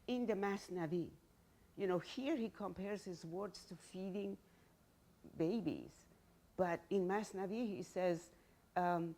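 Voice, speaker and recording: A woman's voice: lowish voice, slow, mellow. A woman with a Persian accent, answering a question after her academic presentation and stopping often to find her words. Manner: thoughtful, searching for words.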